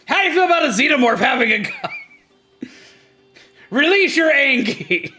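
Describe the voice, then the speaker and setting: Bright high-voiced ranting male streamer. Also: moderate pace, soft background music. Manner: animated ranting, swears freely, greets chat loudly. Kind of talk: casual livestream chat.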